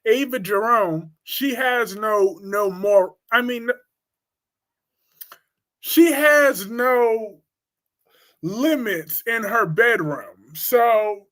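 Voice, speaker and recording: A high-voiced man hosting a casual live stream and answering comments from the chat. His manner is blunt, crude and gossipy. He teases a lot and his volume swings quickly between outbursts and quiet asides. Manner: teasing, quick swings in loudness. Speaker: host of a live soap opera talk stream.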